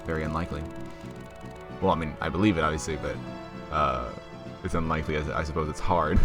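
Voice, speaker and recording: A man's voice: very deep voice, fairly even intonation, brisk, long pauses. A young man in his late teens chatting through a game and reading its text aloud, joking about himself and laughing often. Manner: giggly, self-deprecating. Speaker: let's play host. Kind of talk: casual gameplay commentary. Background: game music.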